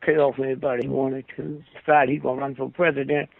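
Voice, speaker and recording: On a phone-line radio call, an older man speaks as a guest in a fast, rambling storytelling monologue, preaching and asking "Hmm?" to win agreement. His mid-range voice has vocal fry and a level tone, captured in a dry recording.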